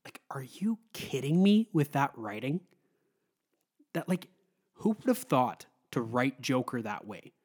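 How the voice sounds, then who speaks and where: A man giving a casual, excited film review, rambling with lots of fillers. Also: medium pitch, a little slow, breathy edge.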